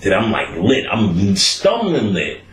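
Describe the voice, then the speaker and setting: Man, podcast host, lively swinging pitch, profane and laughing, roomy echo, faint background noise. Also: takes it slowly. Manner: animated, laughing, profane storytelling. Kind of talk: casual storytelling chat.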